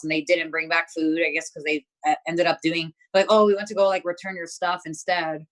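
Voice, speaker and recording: A woman's voice: fairly low pitch, little pitch movement, fairly quick, hardly any pauses, fairly bright tone. A young woman talking as an interview guest, telling a story bluntly with lots of swearing and filler words. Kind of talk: casual chat.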